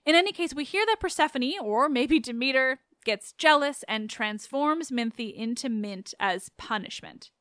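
A woman's voice: sits high, animated, normal speed, hardly any pauses, fairly bright tone, smooth, no room sound, studio quality. A woman hosting a podcast in a chatty, sarcastic way, swearing freely as she talks. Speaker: podcast host. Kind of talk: casual podcast narration.

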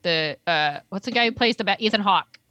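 A woman's voice: mid-range voice, expressive, a little fast, bright, forceful tone, no room sound. A woman in casual chat, recapping a TV episode in a rambling way and trailing off while she hunts for names.

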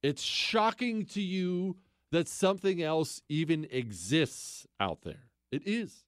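Sarcastic man hosting talk radio, lively swooping delivery, dry booth sound. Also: slow, no room sound. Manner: sarcastic, mocking, heavy repetition; animated, swings into incredulous high outbursts. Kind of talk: political talk radio monologue.

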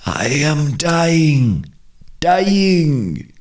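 A man voicing Kalunga Ngombe, a male lord of death, who pleads high and slow, then calmly justifies himself. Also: far from the mic, full character voice. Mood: pleading.

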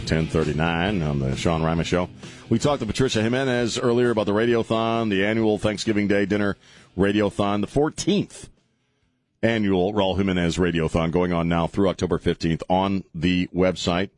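A man's voice: sits low, dry recording. A middle-aged man with a Texan accent hosting a radio talk show, rambling and joking with a co-host. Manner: rambling, jokey, laughs often. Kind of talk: casual on-air banter. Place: radio studio.

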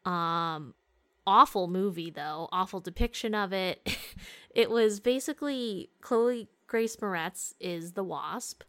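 A woman's voice: medium pitch, slow pace, bright, forceful tone. A young adult woman hosting a podcast, retelling a film in casual chat, candid and laughing often, with casual swearing. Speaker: podcast host.

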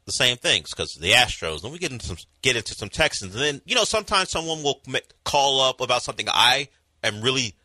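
A man's voice: mid-range voice, big pitch swings, quick pace, sharp tone, no echo. A man hosting a sports radio show, easygoing and explaining the context for listeners. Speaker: radio host. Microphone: studio microphone.

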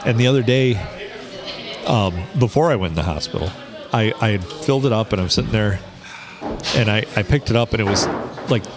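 A man's voice: fairly low pitch, a little fast, long pauses, over music. A man co-hosting a podcast, telling stories and complaining wryly in casual banter. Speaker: podcast co-host.

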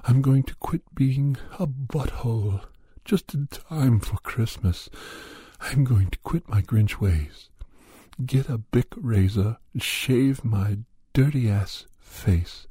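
A man voicing a lonely, self-pitying male Grinch who repents, speaking slowly and mournfully. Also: mid-range voice, warm tone, breathy edge, no echo, studio quality, heavily acted.

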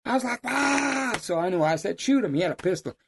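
Older man with a drawl, a raised pitch and a lively yarn-spinner's delivery. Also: rapid-fire, a little hiss or hum. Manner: folksy, animated storyteller who laughs at his own stories. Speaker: lion hunting guide. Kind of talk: casual storytelling.

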